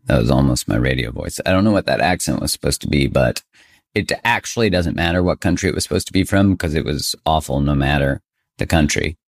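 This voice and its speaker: A man's voice: a bass voice, expressive, brisk. A man hosting his own podcast, talking in a chatty, self-joking way and laughing often. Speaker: podcast host. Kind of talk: casual podcast monologue.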